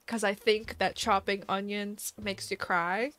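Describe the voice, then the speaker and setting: A woman's voice: medium pitch, steady tone, a little slow, a bit bright, slight background noise. A young woman streamer chatting casually to her live chat, laughing often and filling her talk with "like". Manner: giggly, chatty, lots of "like" fillers.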